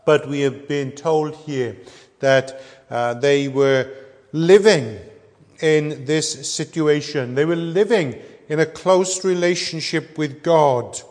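Slow, earnest preacher in a hall. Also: male voice, a little high, a little mellow. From Wales. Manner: measured, earnest, pausing with frequent ums. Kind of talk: sermon. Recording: echoey hall with long reverb.

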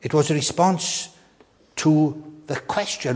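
An older man preaching a sermon with an animated delivery, often repeating words and slowing down to stress key questions. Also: on the high side, big-room sound.

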